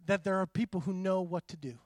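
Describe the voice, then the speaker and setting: A middle-aged man preaching a conversational sermon, animated and full of quoted asides. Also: sits high, fairly quick, no echo, studio quality. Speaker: pastor.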